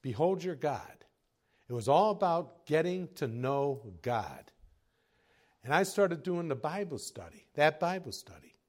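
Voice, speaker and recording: A man preaching a sermon as pastor, telling folksy stories with chuckles and moving from quiet asides to raised exhortation. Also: fairly high pitch, big pitch swings, a little slow.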